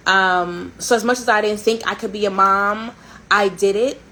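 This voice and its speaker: A woman in her thirties, from a Haitian family, hosting a casual storytelling chat in a candid, sarcastic and animated way, swearing and laughing often. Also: medium pitch, brisk, a little hiss or hum, rough recording. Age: 30s. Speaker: host.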